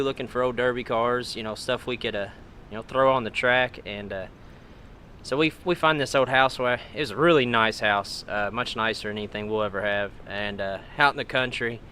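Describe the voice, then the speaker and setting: A young Kentucky man with a bright, forward voice who rambles through a story in an easygoing interview. He leans on fillers and chuckles between lines, in an accent from his home state. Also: mid-range voice, a little hiss or hum. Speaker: guest, demolition derby driver.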